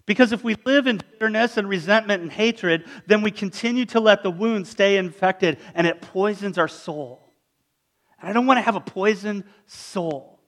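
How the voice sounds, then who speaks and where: Male pastor, high-pitched, dramatic storyteller in the pulpit. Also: moderate pace, fairly bright tone. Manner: dramatic storytelling, acts out voices. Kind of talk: sermon.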